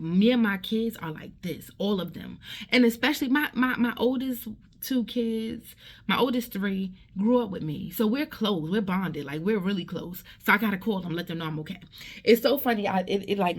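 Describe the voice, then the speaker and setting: A middle-aged woman with a lowish voice recounts a personal story to her viewers. She talks casually, keeps checking in with her listeners, and often restarts her sentences as she goes. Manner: conversational, tag questions and restarts. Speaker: vlogger.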